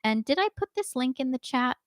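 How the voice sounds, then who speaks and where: A woman teaching a live online singing lesson, explaining slowly and singing short examples. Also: high voice, expressive, dry recording, clean studio sound.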